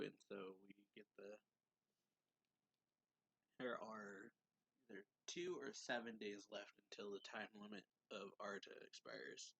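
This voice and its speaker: A man casually recapping a manga chapter as a reviewer, retelling the story in a relaxed way with lots of fillers and little chuckles. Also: on the low side, moderate pace, gravelly, no echo.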